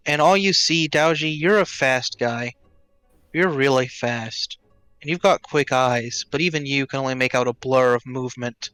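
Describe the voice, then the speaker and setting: A man's voice: medium pitch, moderate pace, fairly bright tone, smooth, no echo, faint music behind. A man narrating a tabletop game as game master, describing scenes with some hesitant fillers.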